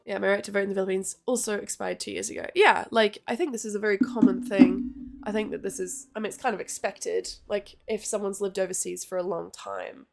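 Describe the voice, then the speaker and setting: A woman's voice: medium pitch, fairly even intonation, fairly quick, vocal fry, soft background music. A young woman chatting casually at home, rambling with lots of "like" and casual swearing. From Australia. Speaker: streamer. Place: home room, then kitchen.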